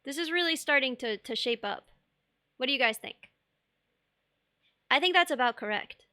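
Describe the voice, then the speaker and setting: A woman's voice: high voice, lively intonation, moderate pace, pushed and bright, no echo, clean studio sound. A young woman streaming live, chatting casually while she sculpts, bubbly and rambling, laughing often and reading chat aloud.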